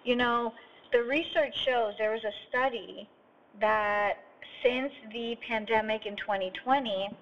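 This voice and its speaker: A woman's voice: a little high, steady tone, measured pace. A woman hosting a podcast, telling an earnest, heartfelt story in a voice note recorded while driving. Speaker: podcast host and coach. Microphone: phone voice note. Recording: dull lo-fi phone memo with faint road noise. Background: faint driving sounds.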